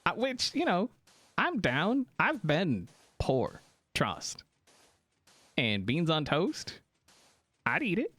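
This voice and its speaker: A man's voice: fairly high pitch, takes it slowly, pauses often, no echo. A man chatting casually on a live stream, joking around and reacting to viewers' comments. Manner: animated, joking, reacting to chat.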